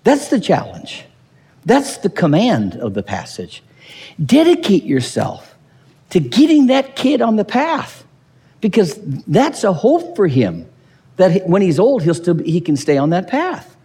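Husky guy preaching, kinda sarcastic, voice a bit high, big church echo. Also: a little slow. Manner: sarcastic, animated preaching with mock quotes. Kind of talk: sermon. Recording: long reverb of a hall.

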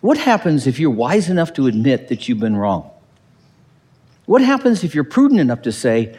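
A man preaching a sermon as pastor, animated and acting out quotes with dry humor. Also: mid-range voice, moderate pace, big-room sound.

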